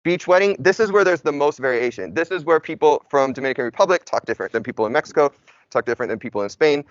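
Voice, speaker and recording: A young man teaching a Spanish class in an easygoing, talkative way, with a native English speaker's voice. His voice sits a bit high for a man. The recording is dry and slightly muffled, with no room echo. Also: lively intonation, fast. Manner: chatty, informal, uses y'all and like. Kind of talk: casual classroom lecture.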